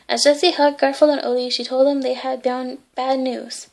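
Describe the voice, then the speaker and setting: A woman reading a bedtime story aloud in a gentle way, adding small asides. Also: sits high, little pitch movement, moderate pace, vocal fry. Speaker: reader.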